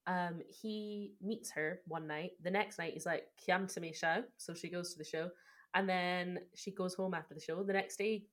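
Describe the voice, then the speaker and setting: Gushing young woman with a lowish voice. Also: fairly even intonation, moderate pace. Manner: gushing, enthusiastic, analytical. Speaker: podcast co-host. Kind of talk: casual film discussion podcast.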